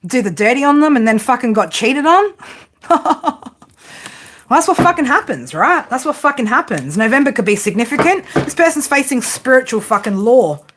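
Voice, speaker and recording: A woman's voice: high voice, sing-song, moderate pace, a bit bright. An Australian woman giving a casual tarot reading to her viewers, blunt, teasing and heavily profane. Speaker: tarot reader.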